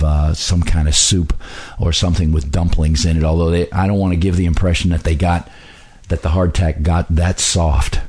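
Low-voiced male historian guest, unhurried storyteller with frequent filler pauses. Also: darkish tone. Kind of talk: conversational explanation.

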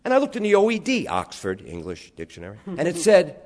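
A man with a New York accent telling animated stories to an audience, spelling out words and acting out his family's voices. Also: fairly high pitch, a little fast. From New York, USA. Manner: lively, spells words out, acts out relatives' voices. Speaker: storyteller speaking to an audience. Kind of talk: animated storytelling talk.

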